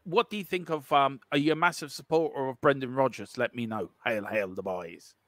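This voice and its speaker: A man's voice: mid-range voice, lively intonation, fast, a bit bright, no room sound. Irish guy from cork ribbing his mate on a football stream, rambles, laughs a lot, dead dry mic. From Ireland. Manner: teasing, laughing, rambling with many fillers. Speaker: co-host of a football watchalong stream. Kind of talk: casual live-stream banter.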